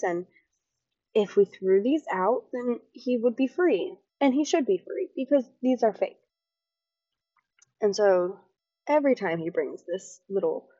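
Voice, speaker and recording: A woman hosting a casual chat podcast, animated, acting out what others said and laughing often. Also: medium pitch, no room sound, highs cut off. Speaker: podcast host. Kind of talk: casual chat recapping an interview.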